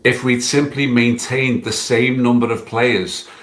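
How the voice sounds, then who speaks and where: A man giving a scripted opinion read-out in a measured, steady delivery. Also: mid-range voice. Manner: measured, steady reading of a prepared piece. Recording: echoey room sound.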